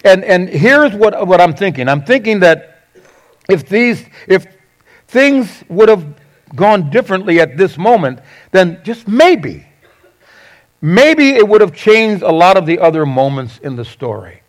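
A man preaching a sermon, conversational and animated, acting out quoted lines with sarcasm. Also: high voice, unhurried. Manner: conversational with self-corrections. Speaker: pastor.

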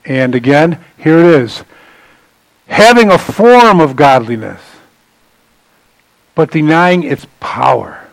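A man preaching a sermon in a loose, conversational way, bantering with the congregation and swinging from loud emphasis to quiet asides. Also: fairly high pitch, animated, slow pace, creaky, long pauses, dry recording, rough recording. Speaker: pastor.

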